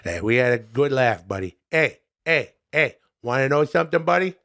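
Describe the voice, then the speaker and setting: Man doing a goofy gravelly comedian voice. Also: mid-range voice, expressive, normal speed, a bit bright. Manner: ends lines with "pal" and "buddy". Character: goofy middle-aged male comedian reviewing restaurants. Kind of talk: comedic impression.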